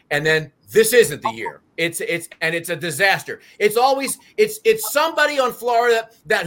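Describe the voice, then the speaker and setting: A man's voice: sits high, bright, forceful tone. A middle-aged man, passionately rallying fans on a sports talk show. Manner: fired-up, preachy, raises voice to rally fans.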